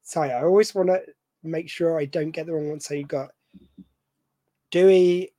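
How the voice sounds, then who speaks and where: A man's voice: fairly high pitch, fairly even intonation, moderate pace, mellow, dry recording. A British man co-hosting a podcast, chatting and joking with rambling asides. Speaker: podcast co-host. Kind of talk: casual chat.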